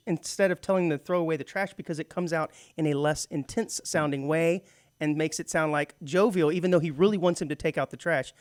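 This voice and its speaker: With a slightly quick pace and a voice on the high side, a middle-aged man chats casually as a radio co-host. He laughs frequently and drifts into mock British voices, and the studio-quality audio has no echo.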